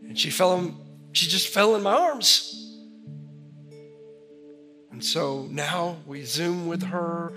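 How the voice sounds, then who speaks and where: A man preaching a sermon to a congregation, telling a story with animated delivery and then leading a prayer. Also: on the high side, slow pace, pauses often. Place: church sanctuary. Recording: large hall reverb with faint music.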